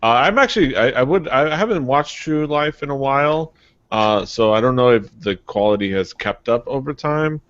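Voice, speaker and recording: A man's voice: medium pitch, animated, moderate pace, a bit bright, dry recording, highs cut off. A man co-hosting a podcast in casual chat, hesitant and stopping to restart. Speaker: podcast co-host.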